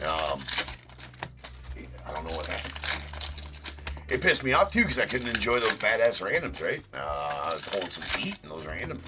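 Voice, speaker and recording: A man's voice: low voice, noisy background. A man hosting a live-stream card break, talking loosely and casually, swearing and then jokingly apologizing. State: sore tooth.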